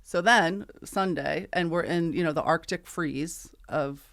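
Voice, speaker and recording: A woman's voice: fairly low pitch, measured pace, vocal fry, a bit bright. A middle-aged woman co-hosting a podcast, chatting casually and telling a story, acting out the dialogue with plenty of laughs. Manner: chatty, re-enacts texts and dialogue with frequent laughs. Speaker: podcast co-host.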